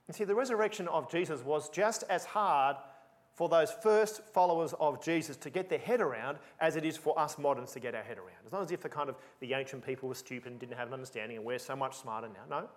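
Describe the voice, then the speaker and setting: Emphatic, lively male preacher. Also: on the high side, fast. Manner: emphatic, animated, repeats for emphasis. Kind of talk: sermon.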